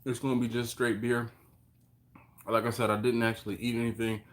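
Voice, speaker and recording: A man hosting a casual live stream, greeting viewers by name and reading their comments, easygoing and quick to chuckle, recorded on a phone at home. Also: mid-range voice, level tone. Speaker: host of a barbecue live stream. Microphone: phone on a mount.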